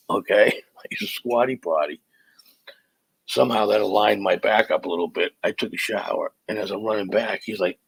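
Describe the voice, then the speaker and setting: A middle-aged comic from the Boston area hosts a casual live podcast, telling stories in a rambling, stop-start way. His voice sits low with vocal fry and a slightly rough quality, with no room sound and poor audio.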